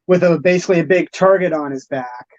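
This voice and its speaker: A man with a high voice co-hosts a casual review discussion. He talks in a measured, calm way as he explains the plot. The sound is dry, with no room echo, and lo-fi.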